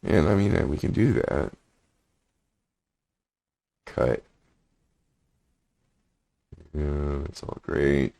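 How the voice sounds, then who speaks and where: A man's voice: extremely low pitch, animated, slow, creaky, dark tone. A man walking through a screen demo, reading generated text aloud and muttering his thoughts between passages. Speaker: prompt engineering instructor.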